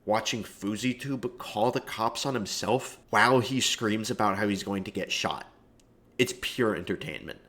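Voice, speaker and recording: Rambling, profane man with a low voice. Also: moderate pace, fairly bright tone. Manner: rambling and profane, heavy fillers. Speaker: video commentator. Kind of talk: casual comedic monologue.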